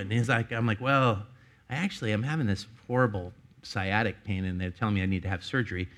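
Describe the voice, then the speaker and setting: A man's voice: mid-range voice, fast, a bit bright. Man preaching with a rambling story. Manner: rambling storytelling with many restarts and laughter. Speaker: pastor. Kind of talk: sermon with personal story.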